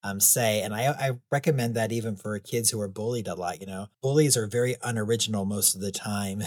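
Speaking fast in a dry, studio-quality recording, this low-leaning male voice belongs to a clown and author appearing as an interview guest. The conversation is casual; he meanders comfortably, laughs frequently, and fills gaps with many "you know"s.

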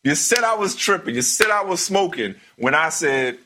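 A man hosting a sports talk show, debating with his co-host in a casual, animated way, often repeating himself as he talks. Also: sits high, moderate pace, background noise.

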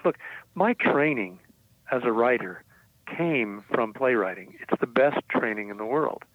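A man's voice: medium pitch, no echo. An older man, a writer being interviewed, telling stories about his past with self-assurance and frequent fillers and restarts. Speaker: guest writer. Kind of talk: reflective storytelling. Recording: tinny, dry phone-like line.

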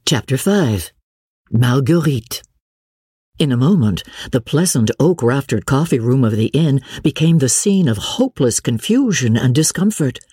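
Woman narrating a classic novel, really lively pitch, breathy husky tone, dry close sound. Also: unhurried, no echo. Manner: lively, expressive storytelling. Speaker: audiobook narrator. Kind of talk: scripted narration.

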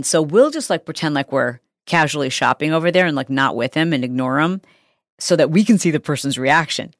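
A middle-aged woman hosting a podcast, telling a story in a chatty, animated way with lots of fillers. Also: low voice, no room sound, clean studio sound. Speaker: podcast host. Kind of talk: casual podcast monologue.

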